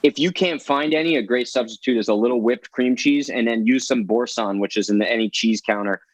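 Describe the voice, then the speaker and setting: A man with a New Jersey accent talks a live audience through a recipe over a video call. He is breezy and salesy and talks up his own food. His pitch sits in an ordinary middle range. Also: a little fast, slight background noise, rough recording. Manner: breezy, salesy, self-promoting. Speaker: guest chef. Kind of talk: live cooking demonstration.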